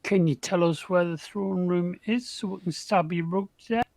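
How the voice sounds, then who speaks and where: High voiced guy playing a tabletop game, jokey and sarcastic. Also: moderate pace, gravelly, a little mellow, no room sound. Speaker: player. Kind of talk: casual chat in a tabletop game.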